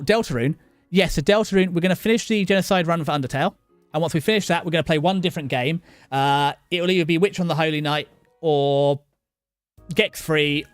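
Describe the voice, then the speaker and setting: A man's voice: a little high, dry recording. A middle-aged man chatting casually with his viewers while playing a game. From southern England. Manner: chatty, talks to chat by name, halting restarts. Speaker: streamer. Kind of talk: casual live-stream chat over gameplay.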